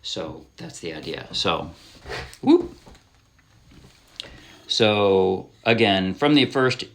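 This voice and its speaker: A man's voice: low voice, lively intonation, slow pace. A man giving a casual ukulele lesson, chatting loosely and counting beats aloud as he explains. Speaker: ukulele teacher. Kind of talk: casual instrument tutorial. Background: ukulele playing.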